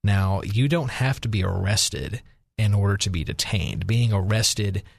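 A man's voice: lowish voice, unhurried, vocal fry, husky, no echo, studio quality. A man, an attorney on a radio talk show, explaining legal advice step by step. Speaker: attorney guest.

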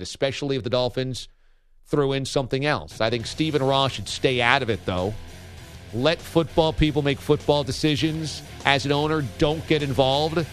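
A man hosting a morning sports radio show, giving his take with a wry, easygoing manner. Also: mid-range voice. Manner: wry, reads listener tweets aloud with a chuckle.

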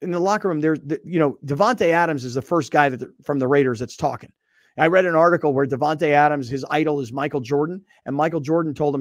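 A man's voice: a little high, fast, no echo, studio quality. A man hosting a sports talk show, opinionated and emphatic in casual chat.

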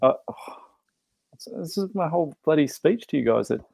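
A man's voice: on the high side, expressive, brisk, creaky, dark tone. A man, a podcast guest, recalling past races emphatically. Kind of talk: casual chat.

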